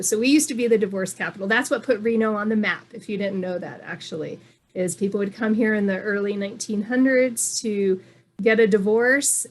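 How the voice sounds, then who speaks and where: A woman chatting casually as a guest from Reno, halting, with many fillers and restarts. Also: medium pitch. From moved to Nevada from elsewhere. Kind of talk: casual online chat.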